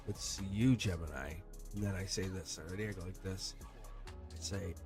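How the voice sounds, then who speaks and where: A man's voice: low-pitched, a little slow, pauses often, faint music behind. A man giving a livestream tarot reading, rambling and playful, chuckling often and talking straight to his chat. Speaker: tarot reader.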